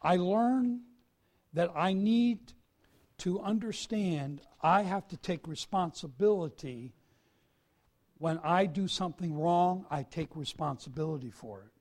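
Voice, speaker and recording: A male preacher giving a sermon, swinging from soft confession to loud emphasis. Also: high voice, measured pace.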